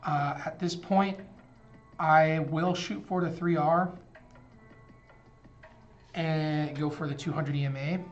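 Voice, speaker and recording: A young man hosting a trading live stream, calmly talking himself through his decisions and feelings in casual commentary. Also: on the high side, slow pace, long pauses. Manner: thinking aloud, talking himself through emotions. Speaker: trading livestream host. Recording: dull lo-fi stream audio with faint music.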